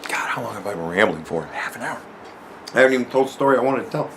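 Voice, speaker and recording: A man hosting a podcast, telling a story casually in a profane, animated way and acting out other people's lines. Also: medium pitch, fast talker, noisy background. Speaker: podcast host.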